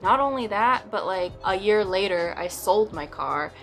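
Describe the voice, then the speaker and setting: A young woman vlogs to camera in a casual, chatty tone, leaning into comic exaggeration as she tells stories. Her voice sits in the middle of the range for a woman. Soft background music plays faintly behind her. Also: medium pitch, animated, unhurried. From US West Coast. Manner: dramatic, comic exaggeration with playful put-on quotes. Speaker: vlogger. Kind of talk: casual vlog talk to camera.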